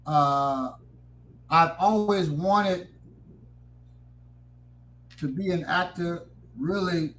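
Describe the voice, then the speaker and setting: Bright-voiced joking man. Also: a little high, extremely slow, long pauses, a little hiss or hum, rough recording. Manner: joking, stumbling restarts. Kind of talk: casual podcast banter.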